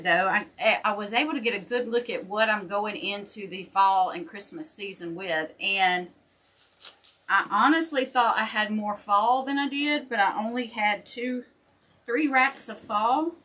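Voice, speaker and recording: This older woman, a wreath maker and shop host, keeps up folksy chatter with livestream viewers as she crafts. She speaks in a mid-range voice at a measured pace, with a bright, forceful tone.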